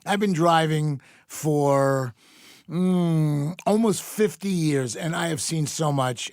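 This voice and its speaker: A man's voice: fairly high pitch, no echo, clean studio sound. A man in his sixties, guest on his daughter's podcast, chatting in a blunt, wry and ranting way with some swearing. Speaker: guest, the host's father. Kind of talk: casual podcast chat.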